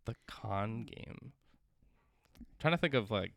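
A man's voice: on the low side, animated, takes it slowly, creaky, a bit bright, no echo. A young man co-hosting a podcast, chatting casually and hesitating with lots of fillers. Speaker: podcast co-host. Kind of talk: casual chat.

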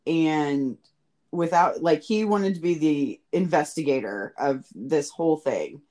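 Woman, deep voice, lively pitch, thoughtful casual podcast talk. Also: a little slow. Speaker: podcast co-host. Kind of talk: casual chat.

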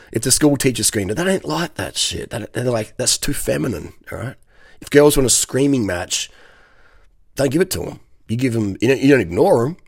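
A man's voice: medium pitch, slightly rough, dry recording. A man giving dating advice in a blunt, profane, rambling monologue, often checking in with "okay?". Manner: rambling, swears freely, keeps checking in with "okay?".

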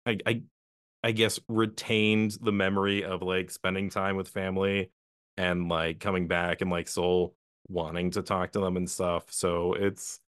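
A man chatting casually as a podcast co-host, telling stories in a relaxed way with many fillers. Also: low voice, a little slow, smooth, dry recording, studio quality. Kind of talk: casual chat.

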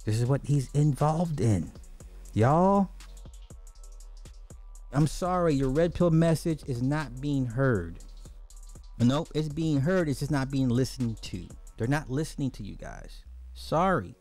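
A man hosting a podcast in casual livestream commentary, animated and slangy, talking straight to his viewers. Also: mid-range voice, slow pace, pauses often, soft background music. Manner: animated, slangy, addresses the chat directly. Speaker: podcast host.

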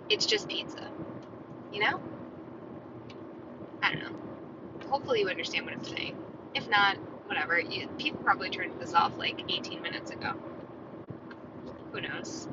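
Talking on her own for a podcast, a woman chats casually and rambles to herself at a normal speed, pausing often in her medium-pitched voice. She's recording inside a moving car, so the audio is muffled and heavy with road noise.

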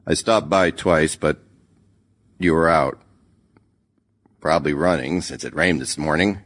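A man voicing a steady but nervous man leaving a hesitant phone message. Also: a bass voice, pitched below the performer's own voice, exaggerated voice. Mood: tender worried. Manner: hesitant, halting.

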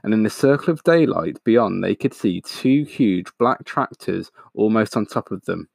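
A man reading a picture book aloud in a steady, expressive way, pointing out the pictures. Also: fairly low pitch, moderate pace, creaky, breathy edge, no room sound, studio quality. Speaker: storyteller.

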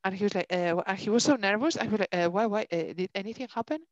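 A woman co-hosting a podcast, telling a story in a casual, animated way, swearing and acting out what people said. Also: medium pitch, very fast, dry recording. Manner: animated, swears a lot, acts out dialogue. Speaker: podcast co-host. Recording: dull lo-fi dry sound.

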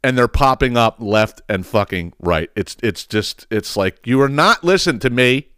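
A man's voice: mid-range voice, animated, normal speed, fairly bright tone, smooth, no echo, clean studio sound. A man hosting a podcast, ranting with heavy profanity and sarcastic mocking impressions. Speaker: podcast host. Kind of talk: ranting solo podcast monologue.

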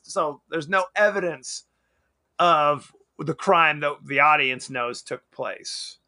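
A man co-hosting a podcast, chatting casually about a movie, laughing often and acting out lines of dialogue. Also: a little high. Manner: animated, laughs often, acts out quotes. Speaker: podcast co-host. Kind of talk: casual movie review chat.

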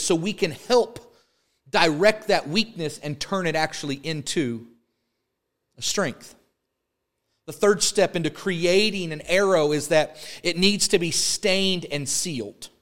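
Male pastor, sermon delivery, emphatic repetition, a touch higher-pitched than most men. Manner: preaching with rising emphatic repetition; holds up an arrow as a prop.

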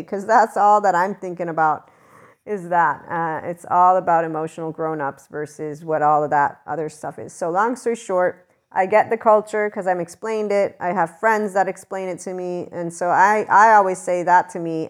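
A woman's voice: on the low side, steady tone, normal speed. A woman giving a blunt, passionate spiritual monologue in a casual, unscripted way, swearing freely. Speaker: spiritual commentator.

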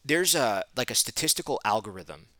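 Fast-talking chatty man host. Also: mid-range voice, no echo. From Northeastern United States. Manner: quick, chatty, restarts and fillers, animated. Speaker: podcast host. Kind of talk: casual podcast conversation.

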